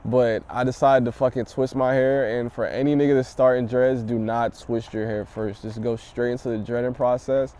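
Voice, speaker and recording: A young rapper from the DMV area talks through his story outdoors in the city, cursing freely and getting animated. His voice is low-toned and mellow, smooth and resonant, and passing traffic sits behind him. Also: normal speed, hardly any pauses. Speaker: rap artist interviewee. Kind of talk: casual interview answers.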